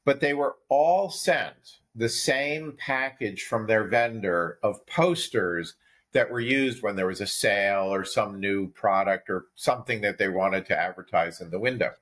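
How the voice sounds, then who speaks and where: A man co-hosting a business podcast, explaining ideas in a halting way with frequent restarts. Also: fairly low pitch, a bit bright. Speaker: podcast co-host.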